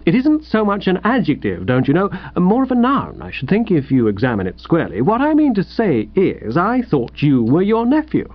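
A man voicing a hearty, flustered young upper-class gentleman who rambles and apologizes. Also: sits high, wildly swooping pitch, moderate pace, hardly any pauses, no room sound, highs cut off, pitched above the performer's own voice, heavily acted.

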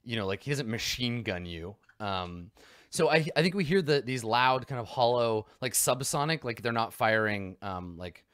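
A man's voice: mid-range voice, lively intonation, normal speed, a bit bright, dry recording, clean studio sound. A man narrating as game master in a loose, rambling way with many fillers.

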